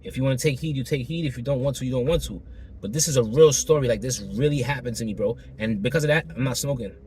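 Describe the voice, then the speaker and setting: A man with a hoarse, still-recovering throat tells a personal story to camera in a loose, slangy way, repeating himself and acting out the exchanges. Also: medium pitch, fast talker, warm tone, a little hiss or hum. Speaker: vlogger telling a personal story.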